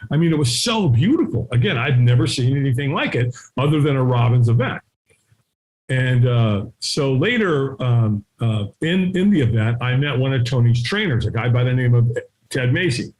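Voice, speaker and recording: A middle-aged man telling a story as an interview guest, acting out the voices of people in it and sometimes shouting. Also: medium pitch, expressive, normal speed. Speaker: guest, firewalking instructor. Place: his home.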